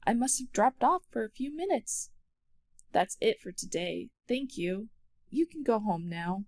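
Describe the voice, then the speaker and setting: A woman's voice: a little high, sing-song, unhurried, heavily acted. A woman voicing a sleepy old owl teacher. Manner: sleepy, yawning, gentle. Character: tired, kindly male owl schoolteacher. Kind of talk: children's storybook read-aloud.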